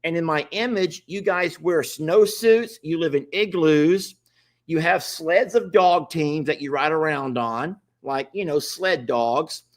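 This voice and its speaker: A man's voice: a little high, a little slow. A man casually hosting a livestream, chatting and pleading with viewers to join. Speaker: livestream host.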